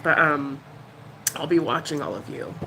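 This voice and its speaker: A woman's voice: low-pitched, lively intonation, normal speed, vocal fry, pushed and bright, slight background noise, rough recording. A middle-aged woman chatting casually and candidly on a live stream, rambling and emotional. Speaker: YouTuber.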